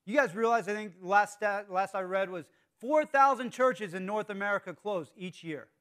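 A man preaching a sermon as pastor, earnest, swinging between hushed, intimate lines and emphatic calls to the congregation. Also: sits high, moderate pace, smooth.

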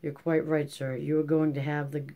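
A reader voicing a prim, genteel spinster lady in an audiobook, brisk and courteous. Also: medium pitch, level tone, muffled recording, natural voice. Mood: fussy. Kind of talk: audiobook character reading.

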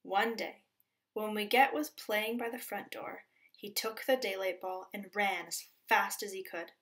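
A teacher from the Pacific Northwest coast reads a storybook aloud, gentle and expressive, now and then dropping into a soft whisper. Her voice sits in the mid-range and moves a little slowly.

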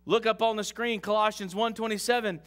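A man preaching an interactive sermon in a church, joking with the congregation and rising to slow, loud emphasis. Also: high voice, fairly even intonation. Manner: jokes with the congregation, leads call-and-response reading. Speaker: pastor. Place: church sanctuary. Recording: long hall reverb.

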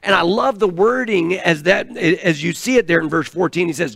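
A high-pitched man with a gravelly edge preaches an earnest, emphatic sermon, stumbling over fillers and restarting his phrases. The sound is close and dry, with little room around his voice. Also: brisk, few pauses, a bit bright, no room sound. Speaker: pastor. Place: church.

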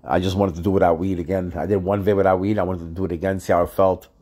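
A man with a very low voice is vlogging to his viewers, plainly upset and frustrated. He rambles and halts, filling gaps with "you know" and "uh" and restarting his thoughts. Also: little pitch movement, dark tone. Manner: halting, many fillers and restarts. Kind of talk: casual vlog monologue.

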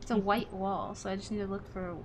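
A woman's voice: mid-range voice, little pitch movement, fairly quick, slight background noise. Chatty woman streamer thinking aloud. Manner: chatty, thinks aloud while playing, laughs often. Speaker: streamer playing a game. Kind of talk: casual gameplay chat.

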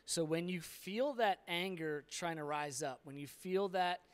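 A man's voice: fairly high pitch, a little slow, smooth. A male pastor talking frankly in a conversational sermon, with fillers and restarts. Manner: plain-spoken and frank, with fillers.

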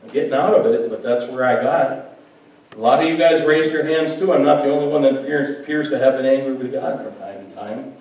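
A man's voice: medium pitch, a little fast, highs cut off. A male pastor preaching a sermon in a conversational way, joking with his congregation in a church hall. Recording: very echoey hall, mic far off.

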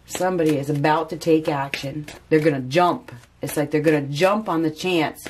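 A woman's voice: low-pitched, fairly even intonation, fairly quick, slight background noise. A woman giving a casual spoken tarot reading, chatty and repeating phrases for emphasis. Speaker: tarot reader.

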